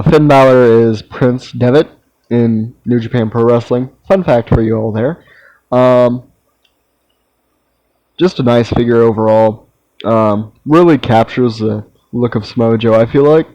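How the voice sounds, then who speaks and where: A man's voice: medium pitch, no room sound, dull audio. A young man casually ranking his collectibles. He rambles, uses lots of ums and restarts sentences. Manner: relaxed, meandering, with frequent ums and restarts. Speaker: toy collector vlogger.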